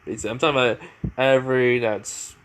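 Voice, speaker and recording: A man's voice: mid-range voice, fairly even intonation, normal speed, a bit bright. A man improvising and narrating a fan fiction story, rambling along with lots of fillers and restarts.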